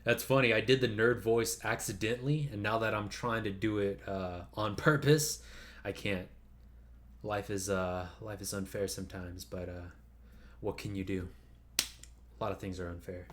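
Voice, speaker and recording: A man's voice: on the low side, steady tone, moderate pace. A man vlogging in a loose, rambling monologue, swearing casually and padding with fillers and restarts.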